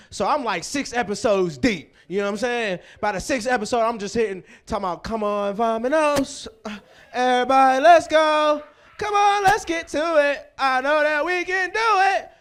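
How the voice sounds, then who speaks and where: Very high-voiced man hosting stand-up. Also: fairly bright tone. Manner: loose, profane, rambling storytelling with crowd work. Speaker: comedy show host. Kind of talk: stand-up, hosting a live show.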